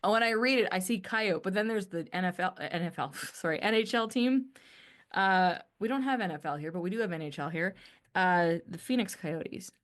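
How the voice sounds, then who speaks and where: A woman's voice: on the low side, brisk. A woman from northern Alberta with a Canadian accent, hosting her own podcast in a rambling, self-correcting solo chat. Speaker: podcast host. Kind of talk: casual solo monologue.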